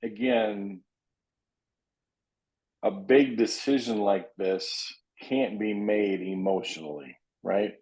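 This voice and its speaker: A man's voice: takes it slowly, darkish tone. A man coaching real estate agents in an earnest, emphatic way, restarting his sentences often and acting out lines of client dialogue. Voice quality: low voice, frequent repeated restarts. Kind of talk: coaching talk. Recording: dull lo-fi audio.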